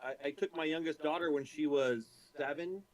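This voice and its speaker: An American man joins a stream as a guest and talks in a plain-spoken, opinionated way. His voice sits a little high. He pauses to think as he goes. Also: rough recording. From United States. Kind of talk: casual chat on a call.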